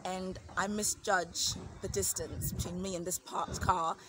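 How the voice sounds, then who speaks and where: A woman's voice: lowish voice, measured pace, background noise. A woman in her thirties, a family vlogger at home, telling a casual story and acting out the voices of people she quotes. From United Kingdom. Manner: animated, acts out quoted voices.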